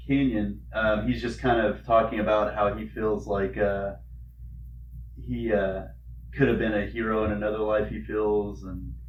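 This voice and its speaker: A man's voice: on the low side, recorded from a distance, lo-fi sound. A man co-hosting a podcast, recapping a comic in a casual, rambling way full of fillers and swearing. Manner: rambling, filler-heavy and profane. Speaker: podcast co-host. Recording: roomy and off-mic with faint noise.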